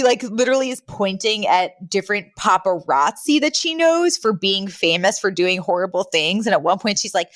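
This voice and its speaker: A woman co-hosting a podcast, casually retelling scenes and jumping into higher voices for the quotes. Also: expressive, moderate pace, few pauses, no echo. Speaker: podcast co-host. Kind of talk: casual recap chat.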